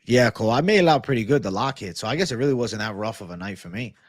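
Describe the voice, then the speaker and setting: A man hosting a live stream, relaxed as he reads and answers viewer chat. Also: fairly low pitch, quick pace, no echo, studio quality. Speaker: livestream host.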